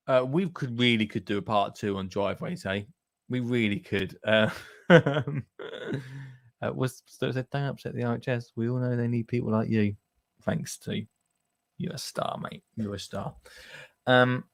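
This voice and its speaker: A man's voice: mid-range voice, normal speed, dry recording, studio quality. A man hosting a gardening podcast in a chatty, jokey way, rambling with lots of fillers. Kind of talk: casual chat.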